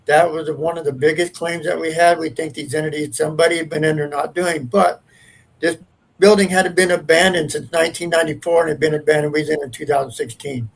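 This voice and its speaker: Husky-voiced man telling a ghost story. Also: a little high, steady tone, fast, low-quality recording. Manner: earnest, rambling storyteller. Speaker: paranormal investigator. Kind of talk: casual storytelling.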